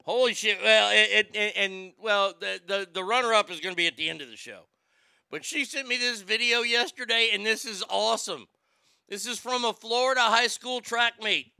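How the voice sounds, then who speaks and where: A man's voice: high-pitched, normal speed, creaky, sharp tone, clean tone, no echo. A man hosting a show, giving casual comedic commentary in a profane, irreverent way. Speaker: show host.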